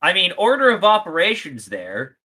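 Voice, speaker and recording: A man playing a tabletop role-playing game, talking in an animated way. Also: sits high, moderate pace. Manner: animated, swearing in character. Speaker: player. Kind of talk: casual tabletop play.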